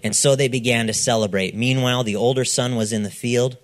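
Male pastor, mid-pitched, animated storyteller who acts out each character and checks in with the congregation. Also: fairly quick. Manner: checks in with the audience, "okay?". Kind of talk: sermon.

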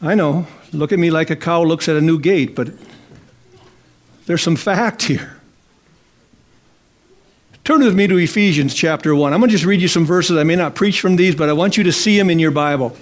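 A man's voice: fairly high pitch, moderate pace, pauses often. A male pastor preaching a sermon in church on a corded mic, fervent and coaxing the congregation to answer back. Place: church sanctuary. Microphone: corded handheld mic.

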